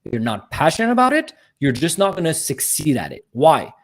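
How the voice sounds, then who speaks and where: A man's voice: a little high, huge pitch swings, brisk. A man speaking as a podcast guest, earnest and motivational, building his points with emphasis. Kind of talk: podcast interview.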